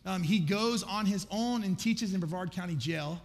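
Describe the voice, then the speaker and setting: A man's voice: high voice, normal speed, vocal fry. A middle-aged man preaching a sermon as pastor, talking conversationally and acting out his own distracted prayers with self-deprecating humor. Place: large church auditorium. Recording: echoey church hall reverb.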